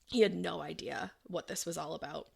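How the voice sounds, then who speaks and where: A woman's voice: on the low side, steady tone, moderate pace, gravelly, a little mellow. A woman hosting a podcast, casually telling a true-crime story with many "like" fillers and acted-out quotes. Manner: conversational, frequent "like" fillers, acts out quotes. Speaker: podcast host.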